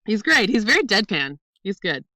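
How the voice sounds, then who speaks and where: Podcast co-host, woman, bright voice, dry close mic, laughs a lot while retelling scenes. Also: medium pitch, very animated, normal speed, no echo, low-quality recording. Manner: laughs often, acts out movie lines with gusto. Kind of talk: casual movie-review chat.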